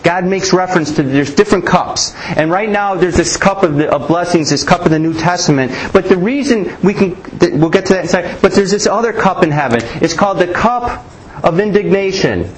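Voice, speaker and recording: A man's voice: sits high, fairly quick, slight background noise, rough recording. A man preaching a Bible teaching sermon, asking rhetorical questions and often restarting his sentences.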